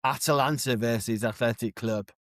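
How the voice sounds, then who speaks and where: A man co-hosting a podcast, telling animated, overexcited stories in casual chat. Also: mid-range voice, normal speed, no room sound, studio quality. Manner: animated storyteller, gets overexcited. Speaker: podcast co-host.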